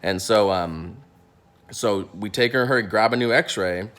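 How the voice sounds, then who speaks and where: Lively man telling a story. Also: lowish voice, slow pace. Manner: animated, acts out quotes, many restarts and fillers. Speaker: dentist. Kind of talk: casual storytelling.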